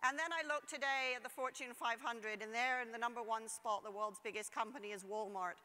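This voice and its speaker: A woman's voice: on the high side, steady tone, a little fast, bright, forceful tone. A woman delivering a conference keynote address in an emphatic style, putting rhetorical questions to the audience. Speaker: keynote speaker. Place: large conference hall. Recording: long hall reverb.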